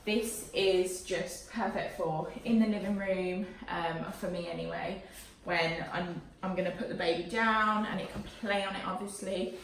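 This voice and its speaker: A young adult woman, a pregnant parenting vlogger, gushes breathlessly and excitedly through a casual unboxing vlog. Her voice is on the low side, a little slow with few pauses. The camera mic sits a few feet back in an echoey living room, picking up a little hiss or hum.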